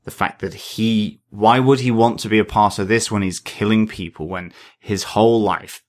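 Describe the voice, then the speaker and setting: A man's voice: on the low side, steady tone, moderate pace, a little mellow. A man co-hosting a podcast, reviewing a movie in an earnest, thoughtful way with some hesitations. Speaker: podcast co-host. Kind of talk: casual movie review chat.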